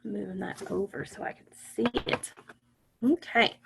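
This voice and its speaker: A woman teaching a phonics lesson to young children, patient and encouraging, sounding out words slowly. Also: mid-range voice, fairly even intonation, creaky, heavy background noise.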